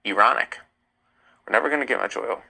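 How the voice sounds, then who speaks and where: Poor audio captures a young American livestream host with a mid-range, creaky, slightly rough voice who talks briskly. He animatedly reads viewer comments aloud and argues back in answer during the casual stream.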